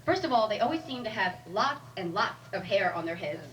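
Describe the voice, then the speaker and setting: Animated and brisk, this woman's mid-range, slightly bright voice drives a stand-up set in a club. She's wry and conversational, poking fun at the audience, and the distant live mic picks up audible noise.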